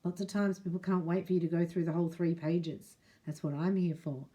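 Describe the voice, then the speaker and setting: A woman's voice: fairly low pitch, fairly even intonation, brisk, mellow. A middle-aged woman giving a chatty spiritual reading to camera, talking straight to the viewer and reading prayers aloud. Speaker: spiritual reader and Reiki teacher.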